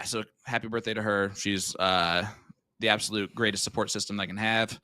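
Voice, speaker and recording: Brief: thirties male sports caller, bright tone, playful teasing banter, dry close mic. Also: fairly low pitch, no room sound. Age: 30s. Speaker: darts commentator. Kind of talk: casual live commentary.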